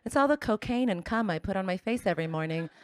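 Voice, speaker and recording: A woman's voice: mid-range voice, animated, quick pace, dry recording. Brash woman doing stand-up. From Colombia. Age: 40s. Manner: brash, bawdy, punchy. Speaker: stand-up comedian. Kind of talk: stand-up comedy set.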